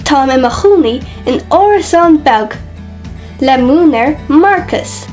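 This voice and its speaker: A woman narrating a children's story slowly and carefully over background music. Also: high-pitched, expressive, a little mellow.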